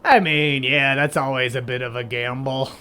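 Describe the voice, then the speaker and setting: A man's voice: mid-range voice, steady tone, moderate pace, bright, forceful tone, smooth, soft background music. Grandiose joking man, comedy podcast host. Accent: slight Southern drift. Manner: grandiose, jokey, slips into silly impressions. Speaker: comedy podcast host playing a trivia master. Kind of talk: improvised comedy banter.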